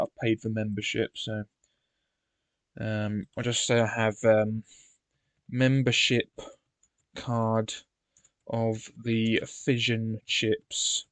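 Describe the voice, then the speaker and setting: A man's voice: medium pitch, no room sound. A man reading a gamebook aloud and chatting with wry asides and frequent ums. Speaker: let's play host.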